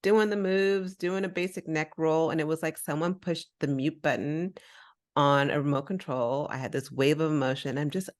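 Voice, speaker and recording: Podcast host lady from the states, deep voice, storytelling and doing voices for everybody in it. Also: normal speed. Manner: animated, acts out voices in her stories. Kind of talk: casual storytelling chat.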